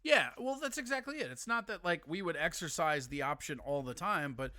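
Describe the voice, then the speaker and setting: A man with a high, bright, forward voice hosts a casual live show. He teases his caller and swears freely as they banter. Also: expressive, a little fast. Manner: profane, teasing. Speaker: livestream host.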